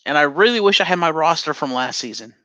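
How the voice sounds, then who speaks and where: A man's voice: on the high side, expressive, fast, bright, forceful tone. Rambling, swearing man recapping. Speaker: podcast co-host. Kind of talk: casual chat.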